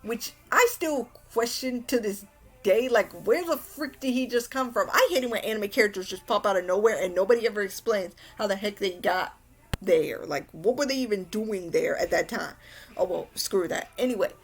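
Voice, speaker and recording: A woman's voice: medium pitch, moderate pace. A young woman recaps an anime in a casual, rambling way. She restarts sentences often and sounds mildly exasperated at the plot. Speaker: anime reviewer.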